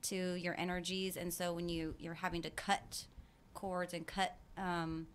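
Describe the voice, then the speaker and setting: A woman's voice: on the low side, level tone, measured pace, slight background noise. A woman co-hosting a radio show in casual chat, talking things through thoughtfully and laughing often, on a studio microphone. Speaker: radio co-host.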